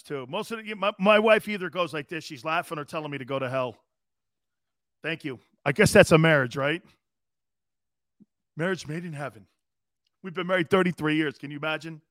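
A man's voice: a little high, fairly bright tone, no echo, studio quality. A man in his fifties hosting a live sports talk show, brash and profane, mocking players as he talks.

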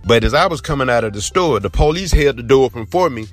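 A man's voice: mid-range voice, lively intonation, fast talker, no echo. A man from Georgia with a Southern accent, earnestly telling a personal story in a rambling, repetitive way. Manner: earnest, rambling, repeats himself. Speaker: podcast host. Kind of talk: casual spoken storytelling.

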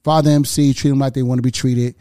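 A man, hosting a casual chat and telling animated, profane stories full of repeats. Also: mid-range voice, fast, smooth, no room sound, clean studio sound. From Houston, Texas.

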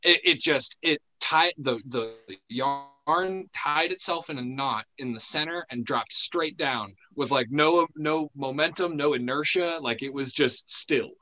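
Bright-voiced young man telling a story. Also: a little high, low-quality recording. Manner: halting, full of fillers and restarts, laughs often. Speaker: podcast guest telling a story. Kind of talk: casual storytelling chat.

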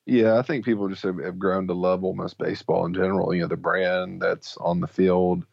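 Deep-voiced man, halting talk. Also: flat delivery, creaky, darkish tone, no echo, muffled recording. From Mississippi. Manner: halting, full of fillers and restarts. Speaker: podcast co-host. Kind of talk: casual podcast chat.

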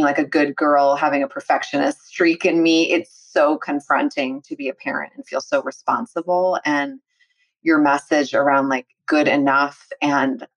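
A woman podcast host and therapist, talking in an effusive, appreciative way in a conversational interview. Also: low-pitched. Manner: effusive, appreciative, laughs often.

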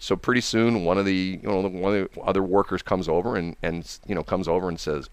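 A man's voice: deep voice, fast talker, hardly any pauses, clean tone, no echo. A man telling a long casual story, acting out the people he quotes. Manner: animated, acts out quoted people.

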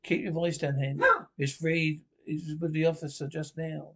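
An actor playing a coarse, cheeky Scottish pensioner in a TV sitcom, with gruff, sweary banter. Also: male voice, on the high side, level tone, moderate pace, rough recording. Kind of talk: TV sitcom acting.

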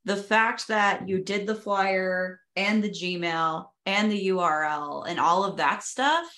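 A woman life coach speaking in an encouraging, affirming, soft-spoken way on a video call. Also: medium pitch, takes it slowly. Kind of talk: coaching session.

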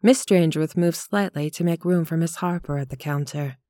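A woman with a fairly low voice reads a story aloud in a measured, steady way. The recording is close and dry, with no room sound. Her delivery stays calm and unhurried. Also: dry recording. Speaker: narrator. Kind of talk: scripted audiobook narration.

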